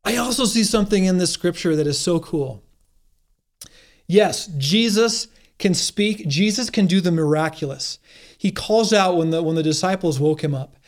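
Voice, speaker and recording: A man with a notably high voice delivers a sermon. He speaks earnestly and encouragingly, restarting phrases as he gathers his thoughts. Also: animated, moderate pace. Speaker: pastor.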